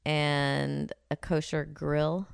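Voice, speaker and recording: A woman's voice: deep voice, flat delivery, extremely slow, gravelly, clean tone, no echo, clean studio sound. A woman co-hosting a comedic podcast, speaking bluntly and frankly and giggling often. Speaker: podcast co-host. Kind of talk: comedic casual chat.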